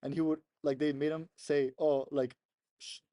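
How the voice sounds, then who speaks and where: A man's voice: fairly high pitch, level tone, normal speed, warm tone, no room sound. A young man co-hosting a podcast, chatting casually and laughing often as he retells funny clips. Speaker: podcast co-host. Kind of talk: casual chat.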